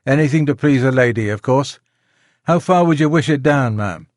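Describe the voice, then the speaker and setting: A man's voice: medium pitch, animated, normal speed, darkish tone, dry recording, studio quality, lightly acted. A man voicing a working-class carter in an audiobook, plain-spoken and grudgingly deferential. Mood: wry. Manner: plain, deferential yet stubborn. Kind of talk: audiobook character reading.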